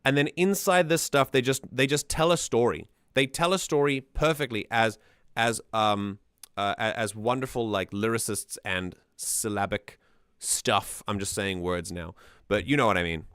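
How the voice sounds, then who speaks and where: A man's voice: lowish voice, moderate pace, a bit bright, clear, resonant tone, no echo, studio quality. A man streaming casual music-analysis commentary, enthusiastic and rambling, often restarting his sentences.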